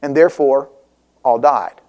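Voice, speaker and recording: A man preaching a sermon as pastor, quoting scripture with rising emphasis and rhetorical questions, and dropping to a soft, slow tone when he turns personal. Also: mid-range voice, muffled recording. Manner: drops to soft, slow reflection in personal parts.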